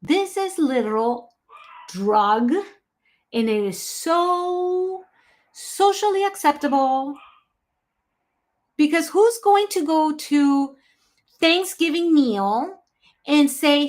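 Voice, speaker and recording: A woman's voice: sits high, animated, extremely slow, pauses often, darkish tone. A woman giving an online health presentation, talking with emphasis and breaking off to apologise and answer viewers by name.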